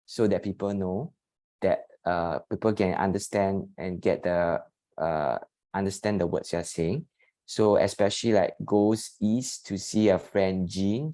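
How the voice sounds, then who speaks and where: A man leads an online English class over a video call, speaking slowly and patiently. His voice sits fairly low, and he stretches out vowel sounds to demonstrate them. The recording is dry, with no room echo. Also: dark tone. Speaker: English teacher. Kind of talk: online spoken English lesson.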